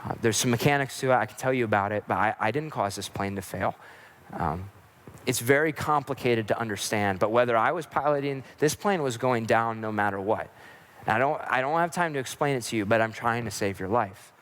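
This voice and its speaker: A man voicing a calm, gentle airplane pilot who talks softly and reassuringly. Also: medium pitch, brisk, pitched below the performer's own voice, lightly acted. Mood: calm urgent.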